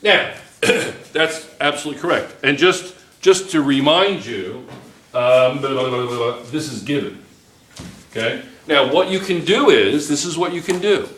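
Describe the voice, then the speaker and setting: A male chemistry teacher talks his class through problems in a loose, joking way, always checking in with them. His voice is bright and forward, and it echoes around a roomy classroom. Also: fairly high pitch, a little slow. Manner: chatty, joking, checks in constantly with "right?". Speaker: high school chemistry teacher. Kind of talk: classroom lecture.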